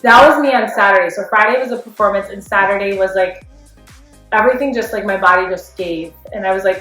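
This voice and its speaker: A woman's voice: medium pitch, fairly quick, fairly bright tone. A woman in her thirties, a running coach, talking candidly and heartfelt in a rambling way with lots of fillers. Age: 30s. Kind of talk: candid personal vlog. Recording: echoey room, faint music.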